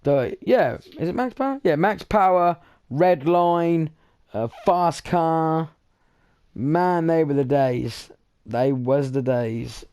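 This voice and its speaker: A young British man who runs a gaming channel chats while he plays, rambling bluntly and casually and swearing freely. His voice is on the high side, slow, smooth and a little mellow, with clean, echo-free studio-quality sound.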